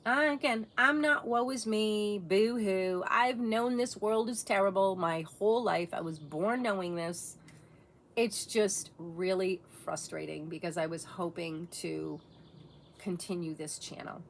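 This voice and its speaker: A woman's voice: medium pitch, a little slow. Blunt, swearing woman ranting on camera. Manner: blunt, profane, impassioned. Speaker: vlogger. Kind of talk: casual monologue rant.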